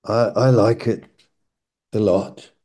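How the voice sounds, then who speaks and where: A man delivers a sermon at a very slow, deliberate pace, leaning on repeated phrases for emphasis. His voice has a mellow, dark tone. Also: on the low side, steady tone. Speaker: preacher.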